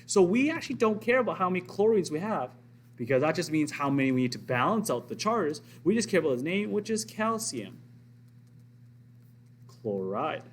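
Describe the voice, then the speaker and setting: A man's voice: fairly high pitch, big pitch swings, moderate pace, a little hiss or hum. A man teaching a recorded science lesson, explaining step by step and asking and answering his own questions.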